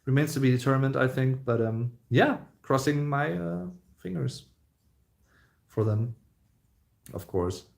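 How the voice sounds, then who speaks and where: A man's voice: medium pitch, unhurried, creaky, pauses often, a little mellow. A man in his thirties with a German accent, hosting a casual live stream, reading viewer comments and rambling with many fillers and restarts. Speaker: YouTube host reading live chat.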